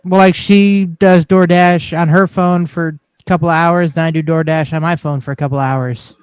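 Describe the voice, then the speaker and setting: A man's voice: a little high, little pitch movement, moderate pace, clean tone, dry recording. A man co-hosting a casual podcast, joking and laughing often as he chats. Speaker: podcast co-host. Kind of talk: casual chat.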